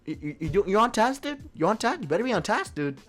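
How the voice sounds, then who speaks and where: Un uomo che imita un supplente basso e irritante dalla voce acuta. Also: male voice, sing-song, quick pace, fairly bright tone, full character voice. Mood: nagging. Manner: high, nagging, repeats dude. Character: short, agitated male substitute teacher who nags constantly.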